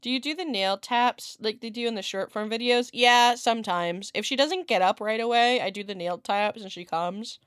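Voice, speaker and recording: A woman's voice: fairly high pitch, normal speed, hardly any pauses, fairly bright tone, clean tone, dry recording, studio quality. A woman streamer in casual chat with viewers, rambling with lots of filler words and laughing often, at home with her cat.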